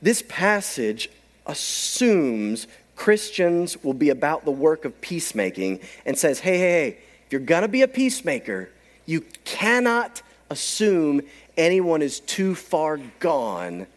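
Brief: male pastor, high-pitched, swooping delivery, storytelling sermon. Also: slow. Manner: animated storytelling, acts out quoted voices.

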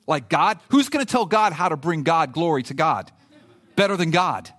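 A pastor preaching a sermon in an animated, conversational way, reading scripture aloud with emphasis. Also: male voice, a little high, moderate pace.

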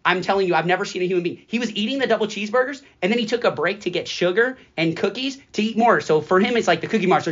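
Guy from school admin hosting a podcast, talks super fast, jokey, likes everywhere, muffled lo-fi sound. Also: sits high. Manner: energetic, joking, talks in rushes with likes. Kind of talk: casual chat.

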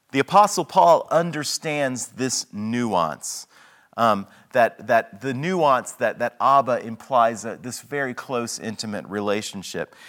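Male preacher, earnest teaching sermon, unhurried delivery, expressive pitch. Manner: earnest, teaching, restarts and repeats words.

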